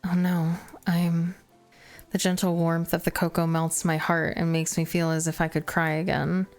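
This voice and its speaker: A woman streamer reading a visual novel aloud, narrating in first person with expressive, self-mocking asides. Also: lowish voice, moderate pace, faint music behind.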